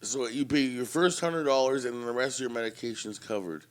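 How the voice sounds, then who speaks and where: A man co-hosting a podcast, telling a family story in an animated, profane way. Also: mid-range voice, a little fast. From Canada. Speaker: podcast co-host. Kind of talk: casual storytelling.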